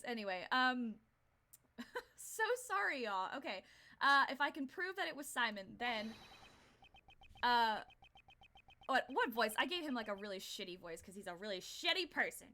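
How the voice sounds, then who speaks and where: A woman's voice: sits high, lively intonation, normal speed, bright, forceful tone. A young woman streamer chatting casually through gameplay, rambling, swearing freely and laughing often.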